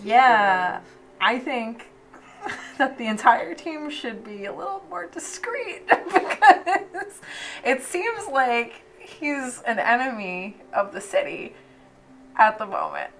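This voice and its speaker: A woman's voice: fairly high pitch, sing-song, takes it slowly, a bit bright, slight background noise. A woman playing a tabletop game, chatting casually and giggling as she speaks in character.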